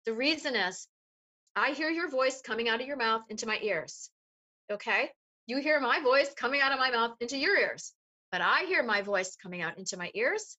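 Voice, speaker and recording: A woman voice coach explaining voice resonance in an animated, demonstrative way during an interview. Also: a little high, normal speed. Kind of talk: interview conversation.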